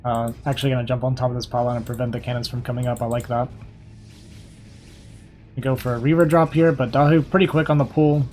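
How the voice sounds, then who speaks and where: Slightly hoarse man casting a strategy game. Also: medium pitch, flat delivery, a little mellow, soft background music. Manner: quick, casual, thinking aloud over the match. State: slightly hoarse, losing his voice. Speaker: game commentator. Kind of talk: live esports play-by-play commentary.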